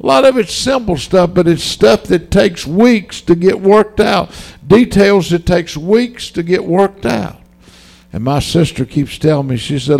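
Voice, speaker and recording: A man's voice: on the high side, lively intonation, measured pace, vocal fry, darkish tone. A man preaching a sermon, fervent and folksy, repeating himself for emphasis. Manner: fervent, repetitive, folksy storytelling. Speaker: pastor.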